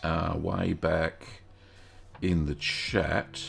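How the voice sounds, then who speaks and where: A man's voice: low-pitched, level tone, drawn-out words, vocal fry, slightly rough. An Australian man hosting a live Q&A stream, chatting casually in a folksy way, greeting viewers by name and filling gaps with ums and uhs. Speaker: host of a cheese-making livestream.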